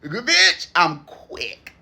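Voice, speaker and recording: Bright, sassy, profane man. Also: high voice. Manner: animated, profane and sassy, laughs often. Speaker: spiritual coach. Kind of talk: casual monologue.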